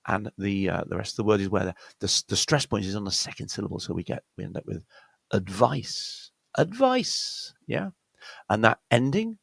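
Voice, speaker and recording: Low, gravelly British man teaching pronunciation. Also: no echo. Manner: explanatory, checks in with "yeah?" often. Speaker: accent coach. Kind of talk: pronunciation lesson.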